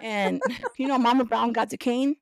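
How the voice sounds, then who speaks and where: A woman hosting a podcast, telling a story in a casual, animated way, acting out voices and laughing often. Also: fairly high pitch, fairly quick, vocal fry, no room sound. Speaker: podcast host.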